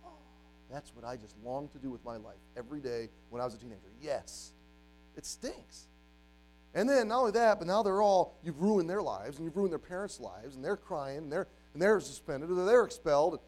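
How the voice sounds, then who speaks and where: A man in his forties preaching a sermon as a youth pastor, animated, acting out the voices of doubters and the devil. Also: on the high side, normal speed, soft background music, rough recording.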